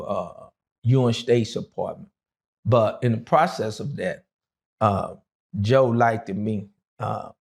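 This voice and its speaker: Middle-aged man, gravelly, husky, rambling casual storytelling. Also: fairly low pitch, darkish tone. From Dallas, Texas. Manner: rambling, with many fillers and acted quotes. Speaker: guest telling his life story.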